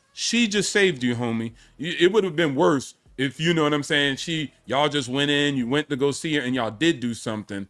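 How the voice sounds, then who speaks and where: Emphatic slangy man, higher voice. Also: a little fast, hardly any pauses. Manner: emphatic, slangy, swings from loud to low. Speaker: podcast co-host. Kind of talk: animated casual debate.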